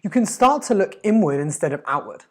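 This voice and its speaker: A man's voice: high voice, big pitch swings, a little fast. Emphatic man giving life advice. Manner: earnest, emphatic, with stammered restarts. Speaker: life coach. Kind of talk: motivational monologue.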